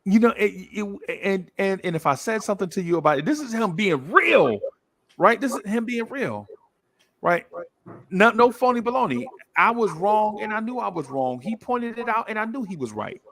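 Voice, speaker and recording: Brief: man from the US, gravelly, higher-pitched, telling a casual story with animated acted-out voices. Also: normal speed. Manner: animated, acts out quoted voices, repeats for emphasis.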